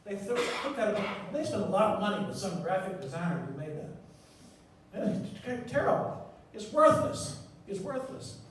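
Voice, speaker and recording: A man giving a conference talk in a large lecture hall with a handheld mic, emphatic and repeating key words, swinging between loud and soft. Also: high-pitched, animated, normal speed, a little hiss or hum. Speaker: surgeon lecturing on presenting. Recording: echoey hall from far off.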